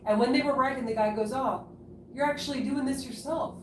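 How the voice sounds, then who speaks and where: A woman's voice: sits high, a little fast. A woman chiming in casually to add details to her husband's stories. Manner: chimes in to finish his stories. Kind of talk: casual chat. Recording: very echoey room, far from the mic, noisy.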